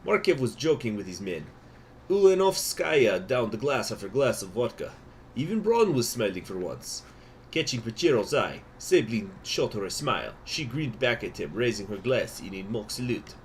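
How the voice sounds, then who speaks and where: A man's voice: medium pitch, big pitch swings, normal speed, slight background noise. A man reading game event text aloud in a put-on Russian accent, in a theatrical storytelling manner. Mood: dramatic.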